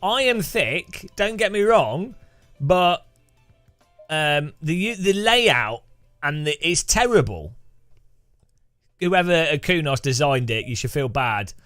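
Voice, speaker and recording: A man's voice: on the high side, lively intonation, takes it slowly, long pauses, a bit bright, dry recording, studio quality, soft background music. A man streaming a racing game, chatting casually to viewers in a rambling, self-mocking way with frequent chuckles. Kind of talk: casual live gameplay commentary.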